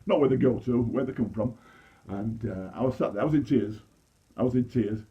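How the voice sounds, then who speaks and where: Man, 60s, Yorkshire accent, stand-up comedy, self-deprecating, halting restarts, muffled recording. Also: mid-range voice. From Leeds, England. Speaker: amateur comedian.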